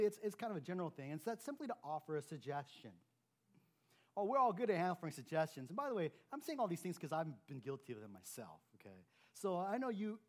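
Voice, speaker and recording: A man preaching a sermon as pastor in a church, talking plainly and acting out the remarks people make in a lively way. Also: on the high side. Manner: animated, acts out quoted remarks with rising emphasis.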